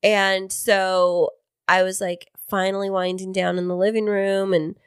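Casual podcast co-host, woman in her thirties, lively storyteller, dry studio sound. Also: measured pace, smooth, no echo. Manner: animated storyteller, mimics others in high voices. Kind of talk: casual chat. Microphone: studio microphone.

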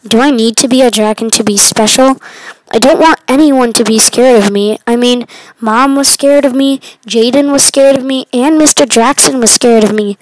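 A woman reading the lines of a hot-tempered boy turned dragon, in an eager, halting way with restarts. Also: a little high, dry recording, lightly acted, rough recording. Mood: reflective.

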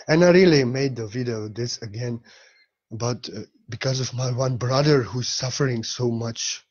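A man's voice: medium pitch, normal speed, darkish tone, breathy edge, dull audio. A man giving an earnest spiritual talk in a vlog, repeating key phrases for emphasis. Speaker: spiritual teacher.

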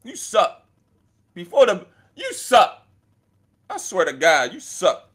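A man talking casually as a battle rapper, taunting and swearing at a rival in an animated, mocking way. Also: sits high, slow pace, slightly rough. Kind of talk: casual trash talk. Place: indoors with friends.

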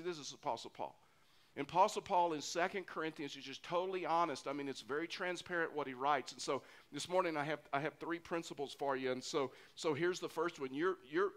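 Earnest in his sermon, the middle-aged pastor tends to repeat phrases to drive a point home. His voice sits on the high side with a fairly bright tone.

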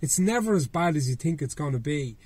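A man's voice: on the high side, expressive, brisk, a little mellow, husky, no room sound. A middle-aged Irish man hosting a podcast, chatting casually and swearing freely, with rambling restarts. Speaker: podcast host. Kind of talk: casual chat.

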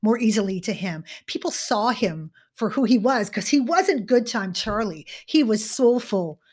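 A woman guest and keynote speaker telling a story in an interview, animated and dramatic, swinging between loud and hushed delivery. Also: fairly high pitch, moderate pace, slightly rough.

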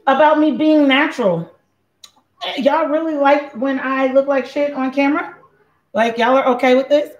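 Woman, cooking show host, chatty and playful, slightly high voice, echoey lo-fi recording. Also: lively intonation, normal speed. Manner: playful, chatty, talks straight to viewers. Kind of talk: casual live cooking chat. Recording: echoey room, dull lo-fi sound.

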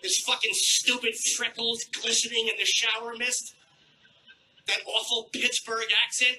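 A man doing a crude, sardonic stand-up set on a stage with a handheld mic, clearing a troubled throat now and then. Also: very high voice, level tone, measured pace, bright, forceful tone, a little hiss or hum, rough recording. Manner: crude, brash and sardonic, with acted-out asides. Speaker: stand-up comedian. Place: comedy club stage.

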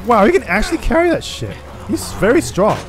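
A young man giving casual, excitable let's-play commentary as a gaming YouTuber, swearing freely. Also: very high voice, fairly quick. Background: game audio with music.

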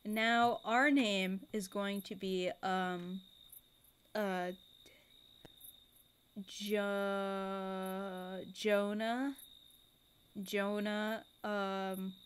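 A woman's voice: mid-range voice, flat delivery, drawn-out words, pauses often, clean tone. A woman streamer playing a video game, giggling and talking to herself as she decides what to do. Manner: giggly, self-talking, flustered. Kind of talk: let's play commentary.

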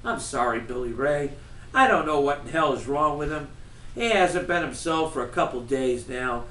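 A man's voice: sits high, wildly swooping pitch, measured pace, a little hiss or hum, pitched above the performer's own voice, heavily acted. A man reading as a good-humored dad. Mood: concerned. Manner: warm, firm parental tone. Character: good-humored middle-aged father. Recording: roomy, from far off.

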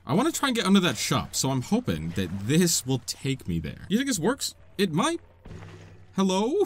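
A man hosting let's play commentary, excitable and self-mocking, laughing often at his own mistakes. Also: on the high side. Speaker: gaming channel host.

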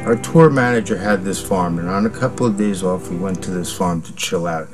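A middle-aged man in a documentary interview, telling rowdy band stories in an animated, profane way and acting out what people said. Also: sits low, a little fast, over music. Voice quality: profane, animated storyteller who acts out quotes with laughs. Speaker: former bandmate interviewed for a documentary. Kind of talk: casual storytelling interview.

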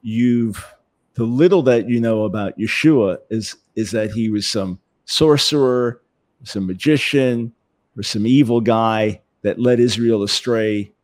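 A man speaking as an interview guest, animated, often repeating words as he builds a point. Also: mid-range voice, measured pace, no echo. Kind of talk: conversational interview.

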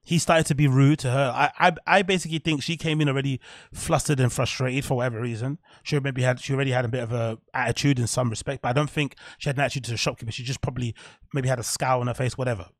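Male podcast host, quick-talking, blunt and profane, dry close sound, casual commentary. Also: mid-range voice, steady tone, no room sound.

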